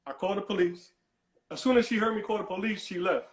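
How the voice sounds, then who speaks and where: Male caller, higher voice, rambling storyteller, roomy echo on the line. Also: fast. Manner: rambling, repeats and restarts words, dismissive "whatever". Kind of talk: animated storytelling on a call-in show.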